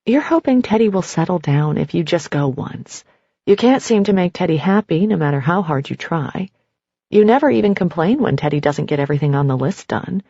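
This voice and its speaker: A woman narrating a nonfiction audiobook, telling a story in the second person in a steady way. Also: fairly low pitch, vocal fry, breathy edge, no room sound, dull audio.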